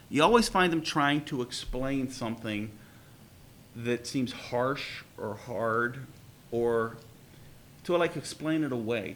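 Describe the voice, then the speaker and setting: Brief: male Bible teacher, gravelly voice, wry chatty asides while reading. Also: medium pitch, a bit bright, a little hiss or hum. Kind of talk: teaching a class, reading and commenting.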